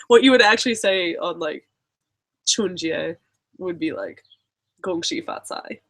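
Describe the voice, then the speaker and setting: Young woman, Southern American accent, slow easy pace, bright tone, casual chat. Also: fairly low pitch. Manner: chatty, filler-heavy, laughs often. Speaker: vlogger.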